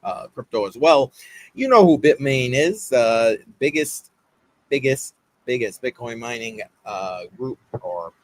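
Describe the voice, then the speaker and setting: A man's voice: medium pitch, expressive, measured pace. Upbeat man hosting a livestream. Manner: rambling, upbeat shout-outs with many fillers. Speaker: livestream host. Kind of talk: casual livestream chat.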